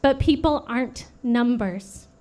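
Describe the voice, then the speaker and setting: A woman in her late thirties giving an earnest prepared memorial speech at a vigil, steady and read from a script. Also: a little high, a little slow. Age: late 30s. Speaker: vigil speaker.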